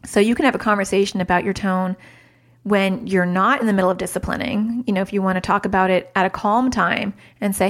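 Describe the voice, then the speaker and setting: A woman's voice: medium pitch, fairly quick. A woman in her thirties hosting a parenting podcast, talking casually, chatty and self-mocking, mixing advice with stories from home, into a studio mic. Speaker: podcast host and parenting coach.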